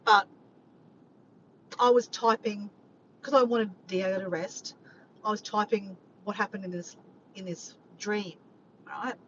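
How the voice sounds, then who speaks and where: A woman rambling to her viewers on a live stream, animated and swearing freely. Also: mid-range voice, measured pace, long pauses. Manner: animated, swears often, keeps addressing "guys". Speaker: vlogger doing a live stream. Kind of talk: rambling casual chat to viewers. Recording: slightly muffled, faint background noise.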